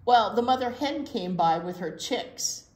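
Animated woman reading a children's storytime. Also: a little high, unhurried, roomy sound. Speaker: children's librarian. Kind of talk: picture-book read-aloud storytime.

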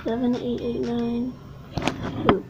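A woman's voice: a little high, monotone, slow pace, lo-fi sound, over loud music. A woman giving nervous, jumpy, giggly commentary while playing a horror game. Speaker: gamer.

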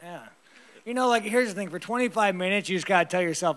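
A man's voice: high voice, quick pace, a bit bright. A man answering press questions after a fight, blunt and rambling, swearing heavily and tired.

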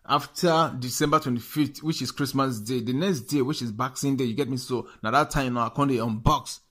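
A man in Nigerian Pidgin English delivers loose, rambling commentary for his online channel. He talks quickly at a mid pitch and keeps turning back to his listeners in a chatty way. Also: fairly bright tone. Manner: rambling, chatty, frequent "you get me?". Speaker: YouTube news channel host. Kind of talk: casual commentary to camera.

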